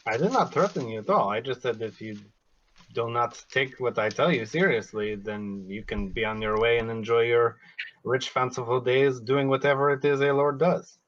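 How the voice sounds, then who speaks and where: A man's voice: medium pitch, moderate pace, fairly bright tone, a little hiss or hum, natural voice. Man playing a proud male adventurer who guards his quest; defiant, occasionally swears, muffled mic. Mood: indignant. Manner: defiant, curses, many filler ums. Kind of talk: in-character tabletop role-play.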